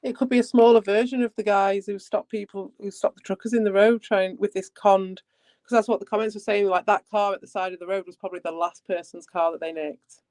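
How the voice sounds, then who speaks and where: A chatty co-host talks over ideas in a relaxed way and keeps asking follow-up questions. The voice sits at a middle pitch. The sound is dry and close to the mic. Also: brisk, no room sound. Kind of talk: casual chat.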